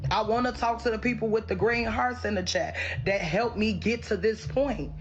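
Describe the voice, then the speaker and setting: A woman's voice: a little high, normal speed. A woman livestreaming to her viewers, talking in an emotional, rambling, pleading way. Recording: muffled livestream audio with music.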